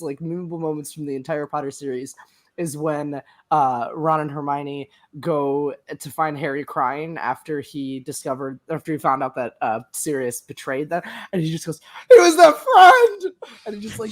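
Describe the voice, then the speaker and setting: A podcast panelist chatting casually and amused, laughing through lines. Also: mid-range voice.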